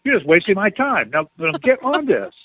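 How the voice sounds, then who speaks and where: Man doing a stern, blunt woman telling off a pal, lively pitch, dry slightly dull recording. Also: normal speed, no room sound. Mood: scolding. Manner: curt, impatient.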